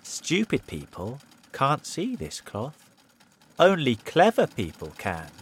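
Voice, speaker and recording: A man voicing a sly, clever tailor who coaxes and flatters a king in a told story. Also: mid-range voice, slow, a little hiss or hum, pitched above the performer's own voice. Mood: coaxing. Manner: coaxing and flattering.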